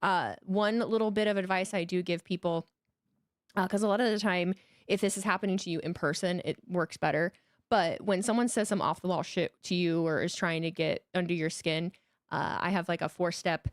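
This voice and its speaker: A woman's voice: lowish voice, fairly even intonation, normal speed, dry recording, clean studio sound. A woman co-hosting a podcast in casual chat, blunt and profane, laying out advice step by step. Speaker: podcast co-host.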